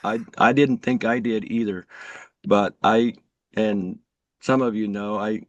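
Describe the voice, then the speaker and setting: A man raised in an Amish community introducing himself on a group call, halting and sincere, with many restarts. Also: on the low side, steady tone, no room sound, lo-fi sound. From Amish community, USA. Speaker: truck driver and coach, participant.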